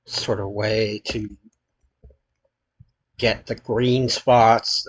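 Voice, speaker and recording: A man hosting his channel, thinking aloud as he plays a geography quiz, hesitant and halting with many filler pauses. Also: on the low side, flat delivery, highs cut off. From United States.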